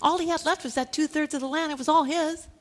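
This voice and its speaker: Woman preacher, high voice, animated storyteller who laughs often as she teaches. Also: fast talker. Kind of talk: sermon.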